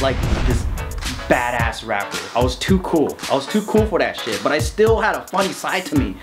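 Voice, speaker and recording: Casual, profane young man storyteller. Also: on the high side. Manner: casual, profane, lots of fillers. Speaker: vlogger. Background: guitar music.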